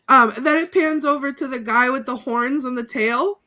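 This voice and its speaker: A woman's voice: sits high, normal speed, few pauses, pushed and bright. A woman co-hosting a podcast, laughing as she gives a giggly, breathless recap of a film. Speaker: podcast co-host. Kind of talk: casual chat.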